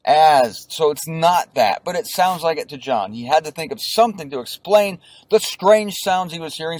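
Male Bible teacher, talks from his car, fairly high voice, jokey asides, dry close sound. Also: expressive, normal speed, hardly any pauses, no echo. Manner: joking, conversational asides. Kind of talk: casual Bible commentary.

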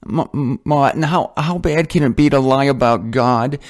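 A man's voice: medium pitch, normal speed, natural voice. A man putting on the voice of a whiny, shocked religious critic who pleads in sing-song, scandalized questions. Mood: pleading.

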